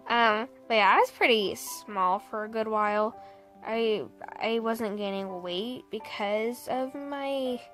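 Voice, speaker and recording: A young woman with a slightly high voice tells a story in a loose, chatty vlog way. She keeps breaking into laughter and acts out the lines people said to her. Soft music plays faintly under her voice. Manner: animated, laughs often, quotes people.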